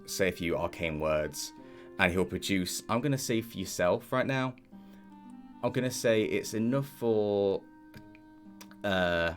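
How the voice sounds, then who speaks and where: A man narrating a tabletop game as game master, relaxed and rambling with many hesitations. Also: low-pitched.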